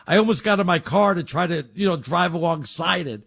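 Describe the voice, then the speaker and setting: A middle-aged man co-hosting a casual sports talk show, telling stories with excitable energy. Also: high voice, a little fast, breathy edge. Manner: animated storyteller, excitable. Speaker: co-host.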